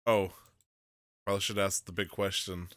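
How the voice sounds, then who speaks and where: A man's voice: sits low, little pitch movement, normal speed, fairly bright tone, no echo, studio quality. A man from Michigan hosting a podcast, joking around and laughing easily in casual chat. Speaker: podcast host.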